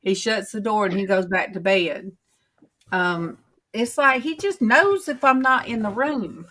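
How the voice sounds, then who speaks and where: A middle-aged woman, rambling in homey, drawn-out stories as she chats casually with her livestream viewers. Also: medium pitch, a bit bright, slight background noise. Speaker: livestream host.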